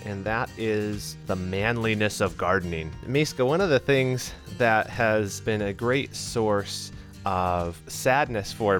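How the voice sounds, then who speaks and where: A man's voice: on the low side, a bit bright. A man co-hosting a podcast in casual, jokey conversation, chatting easily and laughing. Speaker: podcast co-host.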